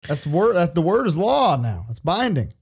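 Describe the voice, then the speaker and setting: A man's voice: high-pitched, very animated, moderate pace, breathy edge. A man hosting a casual podcast, teasing and hyping up his guest. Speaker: podcast host.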